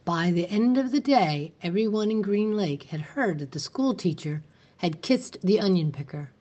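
A woman reading a novel aloud in a steady, even narrating voice. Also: lowish voice, moderate pace, dull audio. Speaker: reader. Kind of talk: storybook read-aloud.

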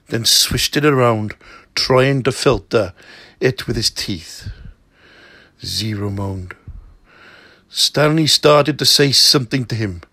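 A man reading a novel aloud in a slow, steady way, with an occasional slip. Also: medium pitch, no room sound. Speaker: narrator.

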